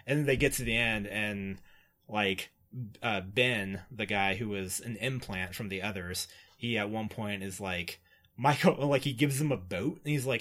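A podcast co-host rambling casually through a TV plot, packing his talk with "like" and quick laughs. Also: on the low side, a bit bright. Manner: rambling, filler-heavy retelling with frequent "like" and laughs. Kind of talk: casual chat.

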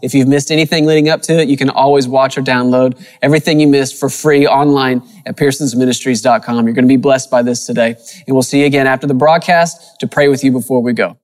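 A man's voice: medium pitch, fairly even intonation, fast talker, few pauses, a little mellow. A man hosting a television ministry broadcast, introducing the program and inviting viewers in a friendly way. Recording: long reverb in a large room.

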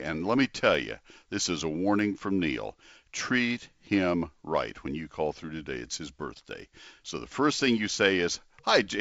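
An older man hosting a call-in garden radio show, chatty and folksy with lively exclamations. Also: low-pitched, no room sound, muffled recording. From Texas.

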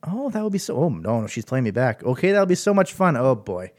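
A man's voice: mid-range voice, sing-song, a little fast, darkish tone. Male podcast host, easygoing solo monologue with lots of restarts and chuckles. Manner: chatty, amused, trails off and restarts often.

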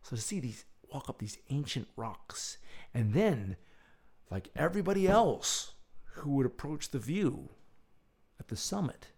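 A man hosting his own show, speaking in a reflective, lyrical monologue with thoughtful pauses. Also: mid-range voice, very animated, vocal fry, a little mellow, husky. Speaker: podcast host.

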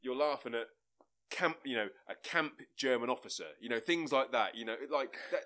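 Bright-voiced man chatting loosely. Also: mid-range voice, normal speed. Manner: rambling, sweary, restarts sentences. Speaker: podcast co-host. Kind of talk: casual chat.

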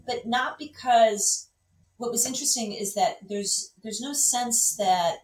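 A woman film critic, a guest in a casual conversation, talking in an animated way with many fillers and restarts. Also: medium pitch, a little hiss or hum. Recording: echoey room, distant mic.

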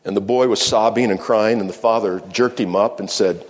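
A male pastor giving a sermon, speaking in measured phrases with slow, emphatic pauses. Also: fairly low pitch. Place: church sanctuary. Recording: long reverb of a church hall.

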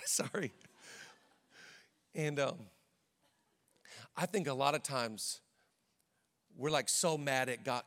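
A male pastor preaching a sermon in a church, energetic and emphatic, rallying the congregation. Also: medium pitch, slow pace, pauses often, big-room sound.

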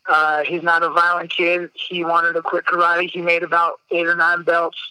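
A man's voice: a little high, completely flat delivery, normal speed, sharp tone, clear, resonant tone, dry recording, low-quality recording. A man, telling a personal story on a podcast in a candid, emotional way, swearing freely. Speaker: podcast guest. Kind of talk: casual storytelling.

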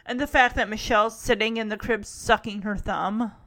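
A woman voicing a gentle young aunt who teases calmly and knowingly. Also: medium pitch, normal speed, natural voice. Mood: teasing. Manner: calm and gently teasing.

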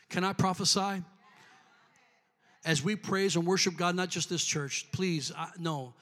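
A man's voice: sits high, fairly even intonation, slow, fairly bright tone. A man preaching a sermon in a church, building to fervent call-and-response with the congregation. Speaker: pastor. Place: church sanctuary. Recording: long hall reverb.

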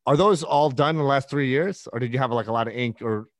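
A man's voice: medium pitch, fast, dry recording. A man hosting a podcast, chatting loosely with lots of fillers and agreeable replies. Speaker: podcast host. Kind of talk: casual interview chat.

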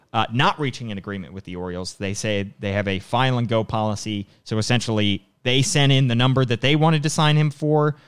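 A man co-hosting a casual sports podcast, talking briskly with frequent restarts. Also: medium pitch, clean tone. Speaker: podcast co-host.

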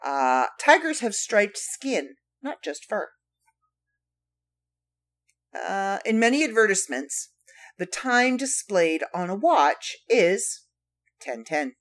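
Woman podcaster reading fun facts, slow and drawn out, pitch bouncing all over, jokey little asides. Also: sing-song, fairly bright tone. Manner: playful, wry asides to listeners. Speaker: podcast host. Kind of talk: casual solo podcast, reading trivia.

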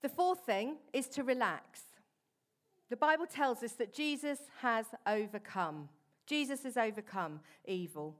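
A woman preaching a sermon in a church hall, earnest and conversational with soft asides. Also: fairly high pitch, animated, a little slow.

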